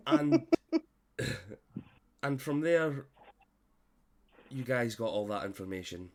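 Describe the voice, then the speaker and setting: A man who is unwell, narrating a tabletop game as game master with halting, filler-heavy speech on a voice call. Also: medium pitch, huge pitch swings, creaky, darkish tone. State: unwell, coughing.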